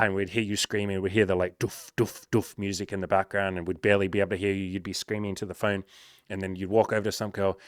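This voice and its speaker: A man in his thirties giving blunt dating advice to a viewer, swearing freely and breaking into loud hyped-up bursts. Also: low-pitched, flat delivery, fast talker, dry recording. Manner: swears often, loud bursts of hype, calls listener bro. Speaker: dating coach. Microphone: home microphone. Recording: dry close mic, some noise.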